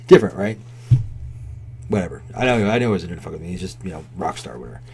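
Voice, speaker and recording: A man's voice: low voice, quick pace, darkish tone, breathy edge. A man in his forties telling a rambling, profanity-laden story in a casual way, with constant "right?" and "like". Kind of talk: casual spoken anecdote.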